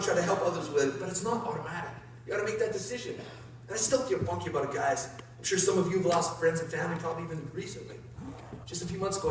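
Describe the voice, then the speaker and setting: A Canadian motivational speaker with a high-pitched voice tells his story to a live audience in a large hall, energetic and animated, often turning to the crowd with questions. The hall is very echoey and his voice sounds far off, with slight background noise.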